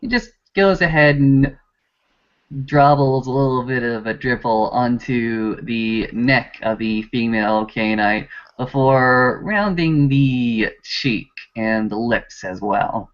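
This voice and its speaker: Slow guy gm narrating a vampire game, muffled recording. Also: medium pitch. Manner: unhurried, descriptive with fillers. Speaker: game master. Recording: dull lo-fi recording.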